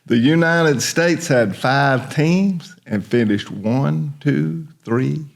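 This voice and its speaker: Gravelly older man, folksy podcast host. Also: medium pitch, takes it slowly. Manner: folksy, rambling storyteller. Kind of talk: casual podcast chat.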